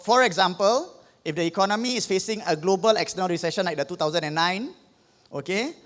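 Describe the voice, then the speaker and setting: With a high, slightly bright voice and a Singaporean English accent, a man teaches an economics revision lesson. He works through it step by step, checking in with "okay?" after most points, while a long hall reverb trails his words.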